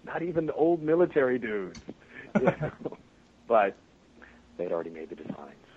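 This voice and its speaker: A voice actor appears as a guest in a casual interview, telling stories animatedly and laughing often. His voice is medium in pitch with big swings, delivered at normal speed. The podcast audio is muffled, with faint noise.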